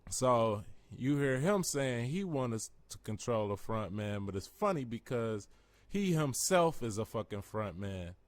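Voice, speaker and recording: Slow-talking, slangy man. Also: medium pitch, very animated, no echo. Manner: slangy, mocking, swears freely. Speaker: commentary vlogger. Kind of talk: casual profane commentary.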